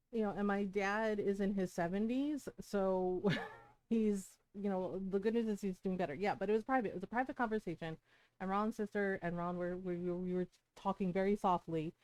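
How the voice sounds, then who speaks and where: A woman's voice: on the low side, dark tone, dry recording, low-quality recording. A middle-aged woman game streamer telling a story on a live stream, heated and emphatic, swearing often.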